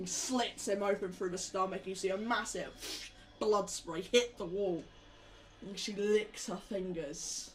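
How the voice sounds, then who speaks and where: A woman runs a tabletop game, talking through the scene in a relaxed, descriptive way. Her voice sits at an ordinary middle pitch, and she pads her storytelling with casual fillers. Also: measured pace, low-quality recording. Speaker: game master.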